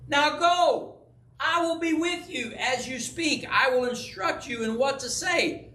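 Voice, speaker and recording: A man, a pastor, voicing God as a patient, commanding deity who asks measured rhetorical questions during a Bible study. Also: very high voice, bright, forceful tone, roomy sound, far from the mic, pitched above the performer's own voice, full character voice. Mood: solemn.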